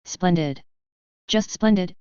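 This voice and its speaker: A woman reading the lines of a silky, scheming female deputy ambassador with a smooth, purring manner. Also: on the low side, fast, darkish tone, no room sound, natural voice. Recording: dull, muffled recording.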